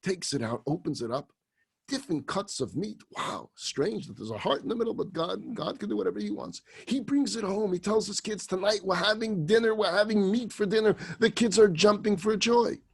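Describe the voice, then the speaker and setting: A rabbi telling a story in a sermon, animated and dramatic. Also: male voice, high-pitched, normal speed, vocal fry, breathy edge.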